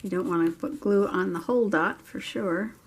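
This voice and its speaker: A woman's voice: medium pitch, moderate pace, husky. A woman vlogger chatting casually to herself and viewers as she works on a craft project at home. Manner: chatty, thinking aloud while working.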